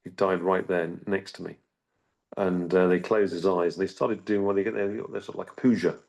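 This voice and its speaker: Low-voiced man telling a halting story. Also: fairly even intonation, gravelly, a little mellow. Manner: halting, with frequent restarts and repeated words. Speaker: interview guest. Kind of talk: recounting a personal story.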